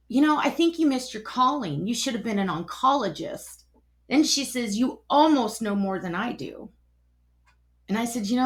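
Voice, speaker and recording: A middle-aged woman telling a personal story, animated and acting out both sides of each conversation. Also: mid-range voice.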